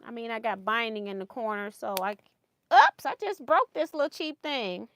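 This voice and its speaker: A woman's voice: a little high, animated, moderate pace, fairly bright tone. A woman hosting a casual sewing livestream, chatty and laughing often as she thinks aloud over her project.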